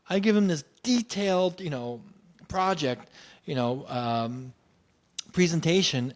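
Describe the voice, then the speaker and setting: A man in casual storytelling, animated and acting out what others said. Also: medium pitch, a little slow. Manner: animated, acts out quoted voices. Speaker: podcast guest telling his story.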